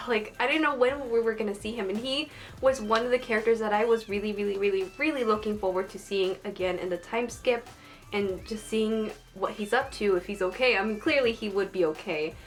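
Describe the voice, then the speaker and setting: A woman chatting casually as a fan, gushing and emotional, with lots of fillers. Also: medium pitch. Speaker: manga fan reviewer.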